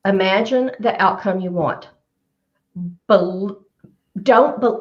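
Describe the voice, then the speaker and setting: A woman career coach talks at a middle pitch, emphatic and animated. She drives her points home by repeating key phrases. The audio is dull and lo-fi, like an online call. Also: slow, long pauses. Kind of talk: giving career advice on a live show.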